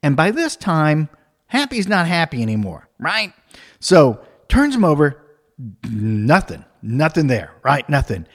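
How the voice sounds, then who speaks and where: A man telling a comic personal anecdote, animated, acting out the other people's voices and laughing as he goes. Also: fairly high pitch, measured pace. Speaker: storyteller.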